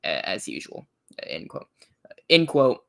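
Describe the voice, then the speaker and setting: A man's voice: low voice, wildly swooping pitch. A young man co-hosting a livestream review in casual chat, stumbling and restarting as he reads notes aloud. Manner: halting, restarts often when reading aloud.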